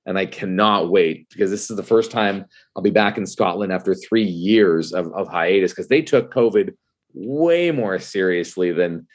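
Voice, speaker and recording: A man talking as a podcast guest in casual, animated chat, laughing often and calling the host "dude". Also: low voice, normal speed. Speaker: guest, whiskey writer and tasting host.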